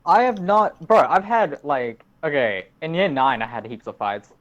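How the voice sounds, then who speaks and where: Animated and a little high-pitched, this teen male podcast host meanders through a story at an ordinary pace, cursing often as he chats casually. Audio quality is dull and lo-fi.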